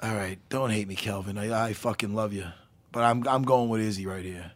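A man hosting a casual talk show, animated and jokey, swearing freely. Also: lowish voice, brisk. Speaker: podcast host. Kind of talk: casual chat.

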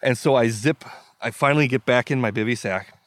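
A man's voice: mid-range voice, fairly quick, a bit bright, no echo. A man from the US Midwest, a podcast guest, telling a story in vivid, emphatic detail and acting out his own thoughts. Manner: vivid, emphatic retelling with acted-out inner quotes.

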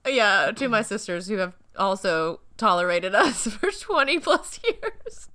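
A woman's voice: mid-range voice, sing-song, measured pace, bright, forceful tone. A woman co-hosting a podcast in casual chat, giggly and teasing, often cracking jokes. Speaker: podcast co-host.

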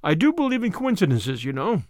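A man's voice: sits high, huge pitch swings, a little mellow, no echo, studio quality. A man reading a weary older spymaster. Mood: wry. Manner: measured, grave and tired. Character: weary older male spymaster, calm and grave.

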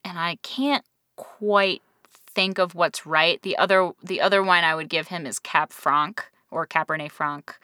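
A woman's voice: fairly low pitch, fairly even intonation, a little slow, pushed and bright, clean tone, no room sound, clean studio sound. A woman co-hosting a casual podcast chat, talking in a chatty, giggly way with many restarts. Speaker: podcast co-host.

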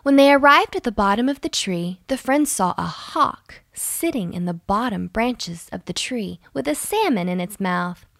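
A woman narrating a children's bedtime story slowly and soothingly, with a slight gravelly edge. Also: no echo, clean studio sound. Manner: slow and soothing with lively pitch.

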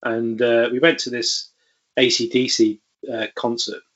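A man's voice: medium pitch, little pitch movement, measured pace, fairly bright tone, lo-fi sound. A man, a podcast guest, telling stories in a rambling way with many fillers. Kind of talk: casual storytelling interview.

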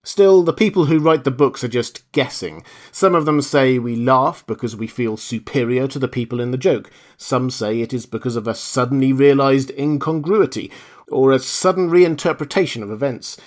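A man's voice: medium pitch, moderate pace, lightly acted. A man voicing a stiff, sullen male grandmaster who speaks sharply in clipped, pointed questions. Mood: stern.

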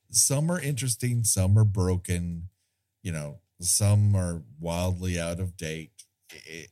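Slow, low-voiced man discussing films. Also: darkish tone. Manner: rambling, self-deprecating, laughs often. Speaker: podcast co-host. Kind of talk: casual film discussion.

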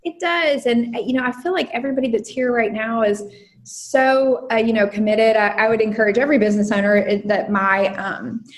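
A woman's voice: a little high, steady tone, a little fast. A woman in her thirties who runs a design business, talking casually in an interview with many fillers and restarts. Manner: rambling, frequent fillers and restarts. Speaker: design firm owner.

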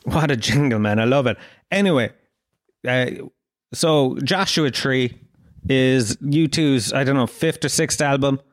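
A man in his thirties with a Dublin Irish accent, ranting and swearing on his own solo podcast, mock-indignant and animated. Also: medium pitch, unhurried. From Ireland. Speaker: podcast host. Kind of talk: casual solo podcast rant.

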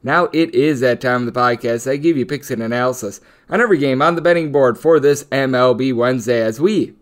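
A man hosting a sports betting podcast, running through odds, lines and player stats in a steady stat-packed rundown. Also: mid-range voice, a little fast. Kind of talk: solo sports betting analysis.

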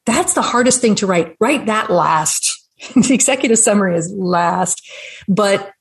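A woman's voice: mid-range voice, lively intonation, measured pace. Woman explaining business plans in a webinar. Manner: explanatory, friendly, laughs now and then. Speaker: restaurant business consultant and educator. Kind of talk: webinar conversation.

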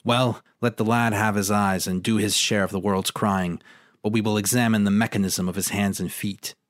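A man's voice: fairly low pitch, fairly even intonation, normal speed, no room sound, studio quality, lightly acted. A man reading aloud the lines of a cruel, mocking male alchemist from a book.

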